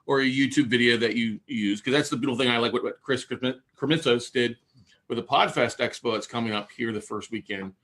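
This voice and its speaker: A man hosting a podcast talks casually with a bright, forward tone. He rambles, restarts his sentences and stretches out long metaphors as he explains. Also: medium pitch, fairly quick. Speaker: podcast host.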